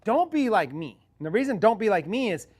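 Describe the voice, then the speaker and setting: A man coaching viewers on sales scripts in an office, in an energetic, chatty, salesy way. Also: high-pitched, brisk.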